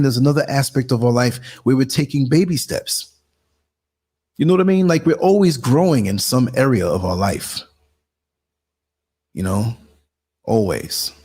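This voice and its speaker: A man's voice: mid-range voice, creaky, a little mellow, breathy edge. A man with a New York accent hosting a live online talk show, chatting casually and laughing often while he works the computer.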